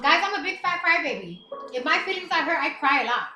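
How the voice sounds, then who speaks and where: A woman in her thirties chats openly with her livestream viewers, laughing often between thoughts. Her voice sits high and sounds bright and forward. The room around her is echoey. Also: big pitch swings, fast, slight background noise. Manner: candid, chatty, laughs often. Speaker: livestream host. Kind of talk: casual chat.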